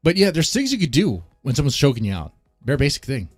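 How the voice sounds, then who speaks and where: A man's voice: mid-range voice, big pitch swings, fast talker, slightly rough, no echo, studio quality, faint music behind. A man hosting a casual live stream, ranting bluntly and laughing often as he comments. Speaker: streamer host.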